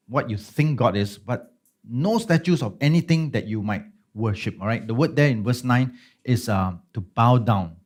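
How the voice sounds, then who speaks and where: Speaking at a normal pace in a mid-range, slightly mellow voice, a pastor teaches Bible study in a conversational style. He keeps checking in with his listeners, often using tag questions.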